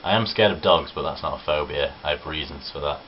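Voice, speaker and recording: Super deep guy vlogging, chatty, swears a lot, muffled camera audio w/ light hiss. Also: brisk. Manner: chatty, cheerful, swears freely. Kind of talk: casual chat answering questions. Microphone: camera on tripod.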